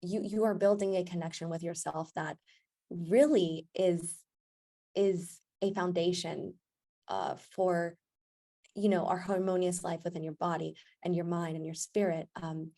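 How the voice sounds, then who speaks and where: A woman with a low-pitched voice tells a story on a podcast, lively and expressive. She is a yoga instructor and chats casually, and she often acts out the voices of the people in her story. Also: unhurried. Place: podcast recording.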